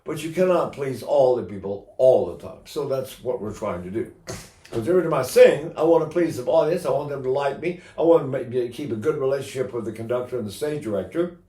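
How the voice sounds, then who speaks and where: An older man teaching singing technique, explaining calmly and breaking into loud operatic vocal demonstrations. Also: medium pitch, brisk, reverberant.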